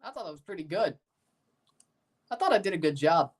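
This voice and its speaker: A man's voice: a little high, lively intonation, fairly quick. A man hosting a live reaction stream of a match, chatting casually with his viewers. He reads their comments aloud and answers them in an easy, conversational tone.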